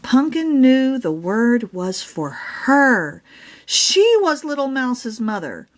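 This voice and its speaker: A woman reading her own children's picture book aloud in an expressive storytelling manner. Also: a little high, takes it slowly.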